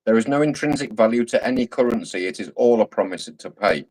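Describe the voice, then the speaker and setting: A man's voice: on the low side, animated, brisk, a little mellow, a little hiss or hum, low-quality recording. A Scottish man in casual chat, talking emphatically and repeating his points in a lecturing way. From Scotland. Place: home.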